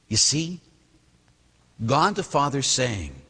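Animated man preaching in an echoing church. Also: mid-range voice, moderate pace, breathy edge. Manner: animated preaching, acts out voices in the story. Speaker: priest. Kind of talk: sermon. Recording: long reverb of a large hall.

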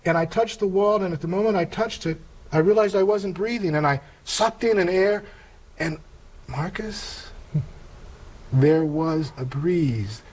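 A middle-aged man earnestly telling a personal spiritual testimony in an interview, halting and emotional, with many pauses and fillers. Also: high-pitched, a little mellow, poor audio. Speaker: interview guest.

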